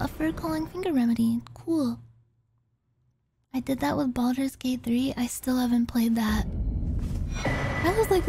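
A woman streaming a game, chatting casually, joking, swearing and thinking aloud. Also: sits high. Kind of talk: casual gaming chat. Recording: game music behind.

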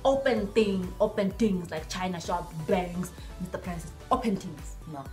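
A young woman tells a personal story to her viewers in a chatty, animated way. She slips into different voices to act out the dialogue, while soft music plays faintly behind her. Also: lowish voice, normal speed. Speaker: vlogger. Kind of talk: storytime vlog.

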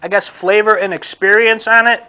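A food vlogger casually taste-tests a sauce, rambling and repeating himself before a friendly sign-off. He has a high-pitched, sharp voice that stays steady in tone and normal in speed; the tone is clean, though the sound is lo-fi.

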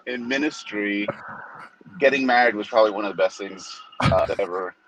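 A pastor in his forties in casual chat, an animated storyteller who acts out the people he quotes. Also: fairly low pitch, fairly quick, a little hiss or hum, rough recording.

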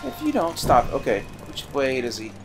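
A man's voice: medium pitch, wildly swooping pitch, normal speed. A man playing a video game on a let's play, talking casually with friends and grumbling at the game. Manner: exasperated, swears mildly at the game. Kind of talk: casual gaming commentary. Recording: game music in the background.

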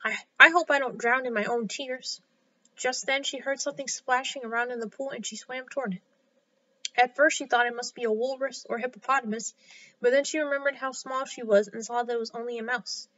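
A woman reads a children's story aloud with clear, expressive delivery. Her voice is high and bright. The recording is a little dull and lo-fi. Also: fairly quick. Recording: slightly dull lo-fi sound.

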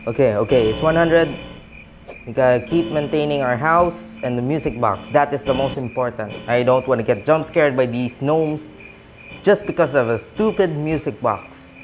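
A man hosting a gaming channel gives let's-play commentary. He is excitable and panicky, counts aloud, and keeps talking to his viewers. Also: medium pitch, normal speed. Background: game music.

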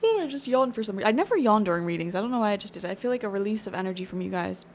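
An encouraging woman talks through a tarot reading in a loose, chatty way, often thinking aloud with little fillers. Her voice sits at an ordinary middle pitch, with a faint hiss of noise in the background. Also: animated, rapid-fire. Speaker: tarot reader. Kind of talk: casual spoken tarot reading.

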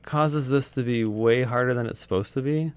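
A man co-hosting a casual let's-play of retro games, excitable, with quick outbursts and frequent laughs. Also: mid-range voice. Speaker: game player and co-host.

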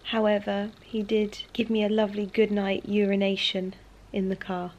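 A young woman vlogging at home in a chatty, casual way, often dropping to soft, hushed speech. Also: medium pitch, monotone, moderate pace, highs cut off, slight background noise. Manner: chatty, with frequent fillers like "like" and "um". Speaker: lifestyle vlogger. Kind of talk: casual chat to camera.

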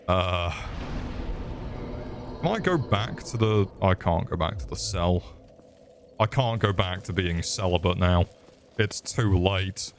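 A man's voice: deep voice, a little mellow, slight background noise. A young Englishman streaming a game, joking crudely, swearing often and chatting back to his viewers. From England. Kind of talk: live gameplay commentary.

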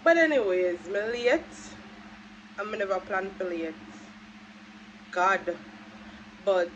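A woman's voice: mid-range voice, animated, slow, a bit bright, highs cut off. A young Jamaican woman vlogging casually to camera, chatting in loose Patois-mixed speech, recorded on a phone. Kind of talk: casual vlog chat to camera. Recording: noisy, road and engine noise behind.

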